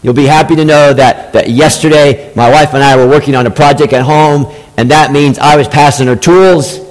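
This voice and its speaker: A man's voice: on the high side, fairly even intonation, moderate pace. Man preaching a sermon in a reverberant hall. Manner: repeats key phrases for emphasis. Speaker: pastor. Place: church sanctuary. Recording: long reverb, large hall.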